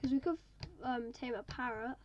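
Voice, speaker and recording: A woman's voice: fairly high pitch, fairly even intonation, moderate pace, lo-fi sound, slight background noise. A woman giving casual, chatty commentary to viewers while playing a game. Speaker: gaming video maker.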